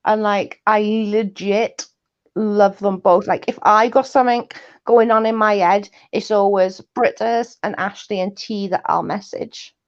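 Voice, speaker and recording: A woman's voice: mid-range voice, steady tone, unhurried. A woman chatting casually on a livestream, laughing often and telling rambling stories. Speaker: guest co-host. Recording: muffled lo-fi stream audio.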